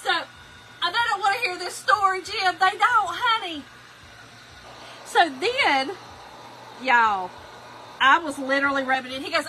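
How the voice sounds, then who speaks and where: A middle-aged woman, hosting a craft livestream and telling stories to viewers in an animated, laughing way. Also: very high-pitched, unhurried, pauses often, slight background noise, rough recording. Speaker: craft segment host. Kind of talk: chatty livestream storytelling.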